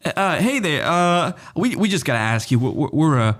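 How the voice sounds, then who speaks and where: A man's voice: on the high side, very animated, fairly bright tone, voice pushed up. An English man putting on a stammering, befuddled older man in a comic retelling. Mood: puzzled. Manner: stammering, halting.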